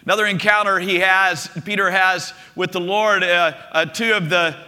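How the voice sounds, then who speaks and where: A man preaching a sermon to a congregation, telling the stories in an animated way and often restarting with repeated words. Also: sits high, moderate pace. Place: room with a gathered congregation. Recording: long reverb of a large hall.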